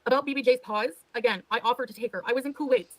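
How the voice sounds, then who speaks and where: On a low-quality recording with no echo, a woman with a slightly high voice races through a defensive livestream rant. She's the livestreamer being reacted to, exasperated and swearing as she talks.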